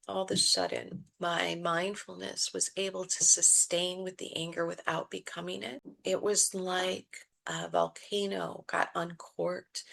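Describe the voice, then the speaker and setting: A woman who works as a mindfulness coach, telling a personal story in a podcast interview, expressive and reflective. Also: on the low side, creaky, low-quality recording.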